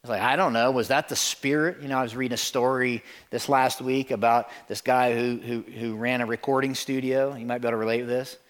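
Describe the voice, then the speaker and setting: A man delivers a sermon at an ordinary middle pitch. He speaks as a pastor to his congregation, animated and direct. He repeats words for emphasis and acts out the stories he tells. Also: fast talker, hardly any pauses. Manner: animated storytelling, acts out voices in quotes.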